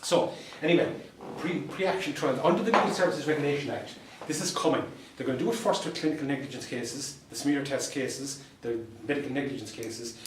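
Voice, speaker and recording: An Irish solicitor and mediator gives an anecdotal talk to a room of fellow lawyers, telling dry-humoured stories and repeating punchlines for effect. His voice is at an ordinary middle pitch. He is recorded from some distance in an echoey meeting room, with a faint hum in the background.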